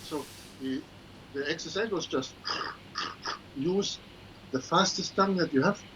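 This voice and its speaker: Over a video call, a guest oboist explains his practice technique in an online interview, singing syllables to demonstrate. His voice is a little high and his pace measured, while the muffled lo-fi call carries heavy background noise and faint ambience.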